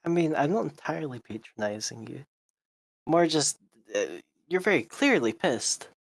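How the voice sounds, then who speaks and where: A man's voice: on the high side, very animated, moderate pace, vocal fry, no room sound, studio quality, voice pushed up, heavily acted. A man voicing a flippant male god in a live tabletop role-play, with casual, dismissive banter. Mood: defensive.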